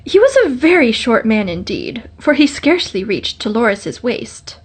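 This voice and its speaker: Woman storyteller, fairly high voice, gentle and measured, fairytale audiobook. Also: sing-song, husky.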